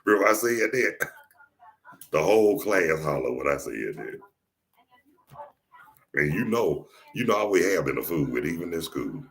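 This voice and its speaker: Deep southern guy rambling jokes on his podcast, voice way down low. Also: very animated, normal speed, long pauses. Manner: joking storyteller, repeats and restarts phrases. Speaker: podcast host. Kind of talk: casual chat.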